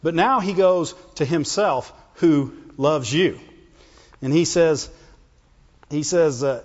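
A man preaching a sermon, lively and emphatic, climbing high when he voices God. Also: slow, long pauses, big-room sound, dull audio.

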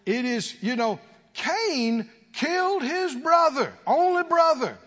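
A man's voice: extremely high pitch, very animated, slow, fairly bright tone. A man preaching a sermon to a congregation, calling for responses and rising to emphatic peaks. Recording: lo-fi church recording with long reverb.

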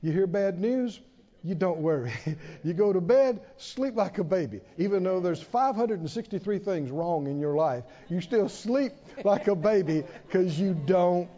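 Dramatic high-voiced preacher in a hall. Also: male voice, lively intonation, dark tone. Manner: emphatic, rhetorical questions, pauses for effect. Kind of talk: sermon. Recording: dull reverberant hall sound.

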